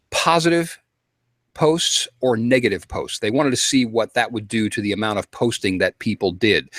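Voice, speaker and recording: Animated indignant male storyteller. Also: mid-range voice, dry recording. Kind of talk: casual storytelling to a panel.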